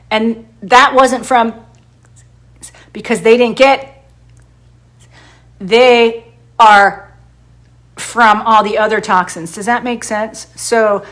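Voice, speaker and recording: A woman with a fairly high voice who speaks bluntly and swears freely. She rants in quick, animated bursts, often tossing in "right?" to check that her listeners are following. The talk is casual and unscripted. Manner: blunt and profane, ranting.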